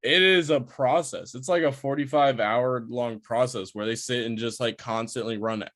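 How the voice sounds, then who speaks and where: A man's voice: medium pitch, steady tone, moderate pace, fairly bright tone. A man co-hosting a podcast in casual chat, laid-back with mumbly asides. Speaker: podcast co-host.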